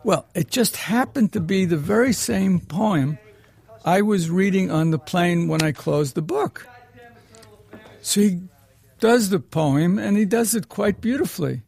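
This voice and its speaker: Man, raised voice with gravel, rambling storyteller, film director in interview. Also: high-pitched, a little slow, a little mellow. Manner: rambling, digressive anecdote telling. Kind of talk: reminiscing interview answer.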